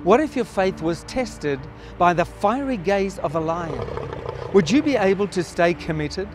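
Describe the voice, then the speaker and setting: A man's voice: sits high, animated, unhurried. A man narrating a scripted introduction and asking dramatic rhetorical questions. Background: music.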